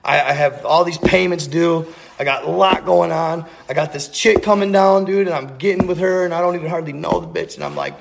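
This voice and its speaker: A man's voice: fairly high pitch, animated, a little fast, gravelly, hardly any pauses, slight background noise. A man telling a rambling, profane story in a casual, earnest way, full of slang and repeats. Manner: earnest, intense.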